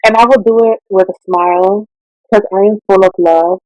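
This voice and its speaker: A woman's voice: medium pitch, moderate pace, no room sound, dull audio. A woman from Puerto Rico, a therapist and podcast guest, telling stories in casual chat and dropping in Spanish phrases. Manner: animated, switches into Spanish phrases.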